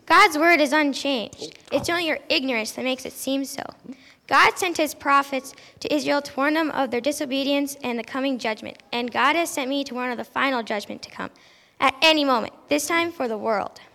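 A woman playing a stern but kindly male prophet who declaims slowly in an amateur stage play. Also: high voice, creaky, sharp tone, heavily acted. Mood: preaching. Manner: slow, declaiming, preachy. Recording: long hall reverb.

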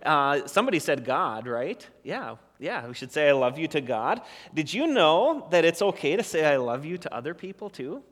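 A man's voice: fairly high pitch, very animated, normal speed, hardly any pauses. Pastor man in a reverberant church hall. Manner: gentle, encouraging, restarts often. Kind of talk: children's sermon. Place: church sanctuary.

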